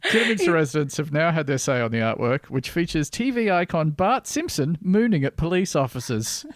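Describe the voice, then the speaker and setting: An Australian man reads news stories aloud on a comedy podcast, his voice rising and falling in a lively, animated way. His delivery is wry and deadpan. The sound is close and dry, with no room echo. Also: a little high, brisk. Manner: wry, deadpan reading with laughing asides. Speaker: podcast co-host. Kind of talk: casual comedy podcast chat, reading news articles aloud.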